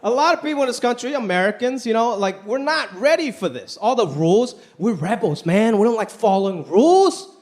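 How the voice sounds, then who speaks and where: A man's voice: extremely high pitch, expressive, brisk, few pauses, darkish tone. A man performing a stand-up comedy set on a live stage, talking with animation and putting on quoted voices. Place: live stage before a laughing audience. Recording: live show with crowd and faint noise.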